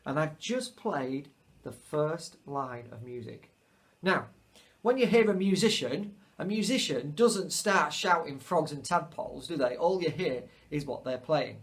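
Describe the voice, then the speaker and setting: Male music teacher, slightly high voice, patient and encouraging with young pupils. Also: lively intonation, a little slow. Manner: patient, encouraging, spells out rhythms. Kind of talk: remote music lesson for children.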